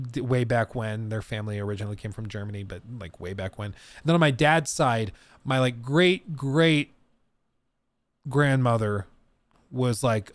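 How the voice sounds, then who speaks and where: A man's voice: medium pitch, smooth, no room sound. An American man in his thirties hosting a livestream, chatting casually with a rambling, laughing manner. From United States. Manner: animated, rambling, laughs often. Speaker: streamer host.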